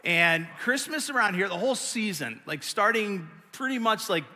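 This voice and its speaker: A middle-aged male pastor with a high, bright voice, preaching to a large congregation. He tells stories with animated, self-mocking energy, acting out his own frustrations. The sound rings with the long reverb of a big church hall. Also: normal speed. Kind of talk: sermon.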